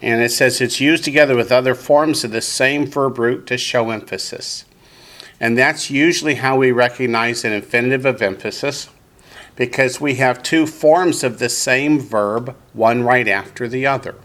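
A man teaching a class, explaining slowly and deliberately and leading the group in repeating words. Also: medium pitch, fairly bright tone. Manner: slow, deliberate explanations, leads group repetition. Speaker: Hebrew teacher. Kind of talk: classroom lesson with call-and-response.

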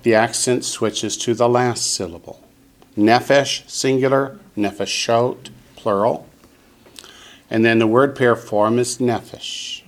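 A man leads a classroom language lesson at an unhurried, measured pace. He says each new word with care, then explains its meaning in plain terms. His voice sits at an ordinary pitch. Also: fairly even intonation. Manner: slow, deliberate, pronounces each word for the class to repeat. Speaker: Hebrew teacher. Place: classroom with students.

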